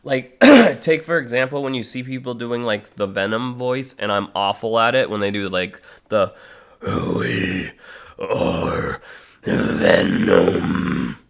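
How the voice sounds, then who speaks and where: In casual live-stream chat, a thirtysomething man with a mid-range, clean voice talks at normal speed with few pauses. His talk rambles, full of fillers and restarts, and now and then he bursts into harsh vocal demonstrations.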